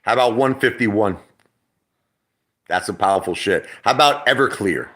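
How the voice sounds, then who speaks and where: Deep-voiced New man rambling casually. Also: expressive, normal speed, fairly bright tone. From Brooklyn, New York. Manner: rambling, profane, repeats himself. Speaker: livestream host. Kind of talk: casual livestream chat.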